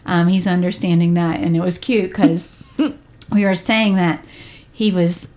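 A woman's voice: on the low side, measured pace. A woman hosting a casual family podcast, telling stories about her son with frequent laughter. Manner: lively storyteller, laughs often, voices a child's lines. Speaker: podcast host and mother. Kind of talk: casual chat.

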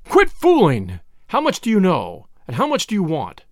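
A man's voice: a little high, very animated, normal speed, no room sound, studio quality. A man doing a snarling, blustering villain. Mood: angry. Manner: snarling, barking. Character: angry blustering middle-aged man, suspicious.

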